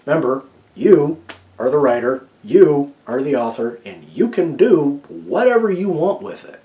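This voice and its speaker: Chatty opinionated man giving writing tips. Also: a little slow. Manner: chatty, keeps checking in with "okay?"; lively, jumps between loud emphasis and low asides. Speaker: writing advice vlogger. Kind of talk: casual opinionated talk to camera.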